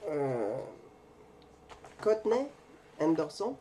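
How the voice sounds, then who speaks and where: A man's voice: a little high, sing-song, drawn-out words, dark tone, a little hiss or hum. Man in a hammy mock French accent. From United States. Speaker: card-breaking video host. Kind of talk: casual card-opening chat.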